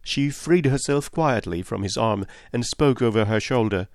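A man narrating a novel in the first person in a steady, unhurried reading voice. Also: medium pitch, no echo, studio quality. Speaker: audiobook narrator.

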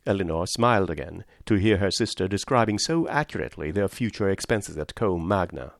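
A man narrating a classic novel in a measured way, dropping his voice for the dialogue tags. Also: low voice, animated, gravelly, dry recording, studio quality. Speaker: audiobook narrator.

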